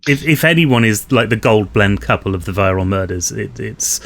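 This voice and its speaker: A man's voice: fairly low pitch, expressive, moderate pace, vocal fry. A man hosting a casual behind-the-scenes chat with a cast, jokey and rambling.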